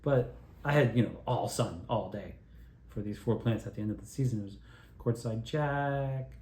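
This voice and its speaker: A man's voice: on the low side, normal speed. Rambling, profane man in an echoey room. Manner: profane, meandering, excitable, with frequent restarts. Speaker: video creator telling his own story. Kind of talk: rambling personal storytelling.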